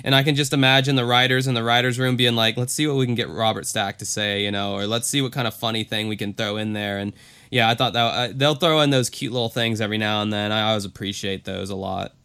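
A man's voice: fairly low pitch, fairly even intonation, fast, pushed and bright, smooth. A man co-hosting a podcast in casual chat, rambling with lots of "like" and fillers. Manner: rambling, filler-heavy, often says "like". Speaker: podcast co-host. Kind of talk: casual chat recapping a TV episode.

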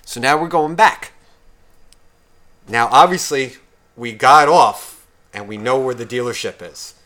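A man's voice: mid-range voice, measured pace, pushed and bright. A man co-hosting a podcast, telling a heated, profane story in casual chat and acting out what others said. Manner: profane, acts out quotes of others; agitated, heated retelling. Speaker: podcast co-host.

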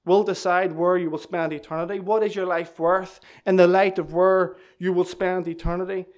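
A man preaches with urgent, pleading emphasis and keeps coming back to the same phrases. His voice sits high for a man. It is a plain evangelistic sermon aimed straight at the listener. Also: flat delivery, normal speed.

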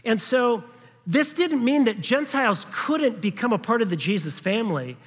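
A man's voice: extremely high pitch, expressive, moderate pace, a bit bright, husky. Male pastor preaching in a reverberant hall. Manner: conversational preaching, checks in with the congregation; acts out quoted voices in passing. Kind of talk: sermon.

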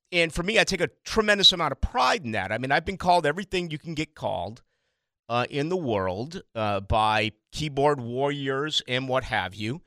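A man's voice: on the high side, pushed and bright, no echo, clean studio sound. A middle-aged man from Boston, a radio talk show host, rambling through a casual monologue with emphatic asides and stuttered restarts.

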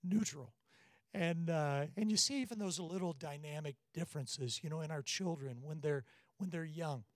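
A middle-aged man preaching a family seminar, his voice sitting a little high for a man. He tells stories and acts out the people in them. The sound is dry, with little room behind it. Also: normal speed, no room sound. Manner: storytelling, animated when quoting. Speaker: pastor. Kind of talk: sermon.

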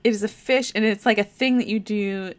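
A woman's voice: mid-range voice, fairly even intonation, brisk. A woman co-hosting a podcast, explaining things in casual chat with giggles. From Canada. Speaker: podcast co-host.

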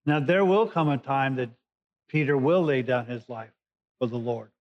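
A man's voice: medium pitch, expressive, moderate pace. Man preaching in a conversational sermon. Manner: conversational Bible teaching, paraphrasing scripture. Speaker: pastor. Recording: dull lo-fi recording.

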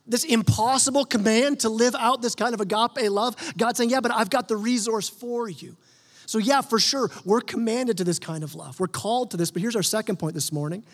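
Male pastor, higher voice, earnest conversational sermon, echoing church hall. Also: a little fast, few pauses. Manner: earnest, conversational preaching with repeated restarts. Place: church sanctuary.

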